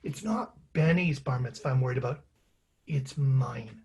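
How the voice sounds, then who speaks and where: A man's voice: mid-range voice, a little mellow, pitched below the performer's own voice, natural voice. A man voicing a persistent, chatty elderly grandfather with a put-on accent in a one-man stage reading. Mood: earnest. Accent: put-on character accent. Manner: wheedling, pleading, talks fast over objections.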